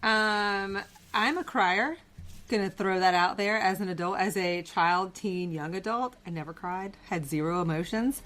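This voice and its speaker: A woman's voice: mid-range voice, unhurried, fairly bright tone. A middle-aged woman co-hosting a podcast, chatting casually with a sarcastic, self-mocking humor. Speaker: podcast co-host. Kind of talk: casual chat.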